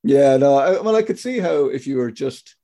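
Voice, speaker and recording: Guy hosting a chatty podcast, mellow warm voice, rambles and jokes around, swears a lot. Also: medium pitch, lively intonation, moderate pace. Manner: rambling, joking, swears freely. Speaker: podcast host. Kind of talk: casual chat.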